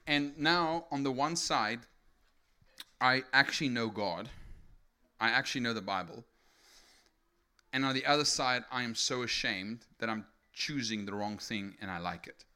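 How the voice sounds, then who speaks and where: Young man from South Africa, testimony sermon, bright forceful voice, keeps checking in with the crowd. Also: medium pitch, a little slow, clean tone. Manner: energetic storytelling with many rhetorical "right?" tags. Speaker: speaker giving testimony. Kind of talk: sermon testimony to a live audience.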